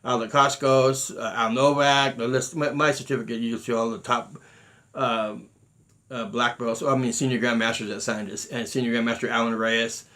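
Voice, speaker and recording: Middle-aged man, martial arts teacher, earnest, halting storytelling, mid-pitched voice. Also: level tone, sharp tone. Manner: earnest storytelling with many restarts and quoted exchanges. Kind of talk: unscripted talk to students.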